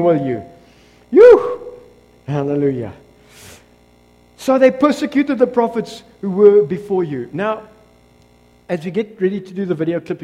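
A South African man preaching a lively sermon as pastor in a church, joking and calling out for amens. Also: high voice. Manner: energetic, joking, builds to loud exclamations, calls for amens. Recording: long reverb of a church hall.

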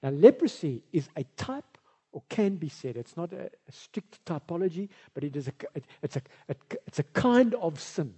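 A man preaching from the pulpit in a loose, chatty style that drifts into asides. His voice is mellow and a little husky, and it sits somewhat high for a man. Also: big pitch swings, normal speed, long reverb tail. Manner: conversational, rambling, with asides and filler. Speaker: pastor. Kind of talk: sermon.

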